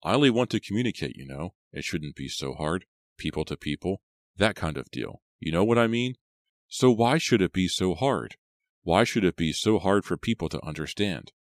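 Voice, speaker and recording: A man's voice: low-pitched, animated, normal speed, dry recording, clean studio sound. A man voicing an unstable, menacing young man in an audiobook, muttering and rambling.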